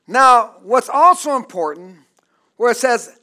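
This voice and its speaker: A male pastor preaching a sermon, calling out to the congregation for responses and building up to shouted peaks. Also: very high voice, big pitch swings, moderate pace.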